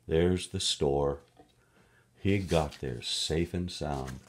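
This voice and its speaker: Deep-voiced man reading a storybook. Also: extremely slow. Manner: playful, with gasps and sung sound effects. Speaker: reader of a picture book to a child. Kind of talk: reading a picture book aloud.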